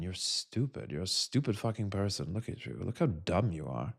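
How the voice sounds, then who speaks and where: Profane, ranting man with a low voice. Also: big pitch swings, normal speed, gravelly, husky. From United States. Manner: heated, profane, lots of fillers and restarts. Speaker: political commentator. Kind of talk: direct-to-camera rant.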